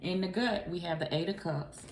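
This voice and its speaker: A woman reading tarot in a loose, chatty way. She keeps calling the listener boo and honey. Her voice sits a bit low, and the room around her echoes over a faint hiss. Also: normal speed, a little mellow. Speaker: tarot reader.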